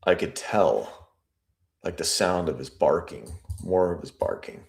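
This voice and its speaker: Slow, deep-voiced man analyzing a statement. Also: lively intonation, creaky. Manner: slow, deliberate, musing aloud. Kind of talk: reading and analyzing a transcript.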